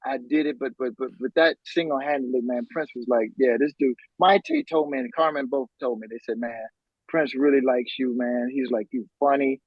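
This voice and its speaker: A man's voice: mid-range voice, moderate pace, breathy edge, no room sound, muffled recording. A man, a podcast guest and musician, telling stories casually with slang and bursts of laughter. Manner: animated, laughing storyteller with slang. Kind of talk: casual storytelling.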